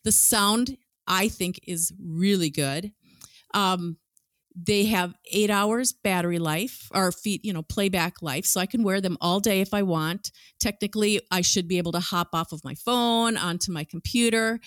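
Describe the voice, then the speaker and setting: A woman's voice: medium pitch, unhurried, no echo. Enthusiastic woman co-hosting a podcast. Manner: enthusiastic, laughs easily, conversational. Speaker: podcast co-host. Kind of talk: casual podcast chat.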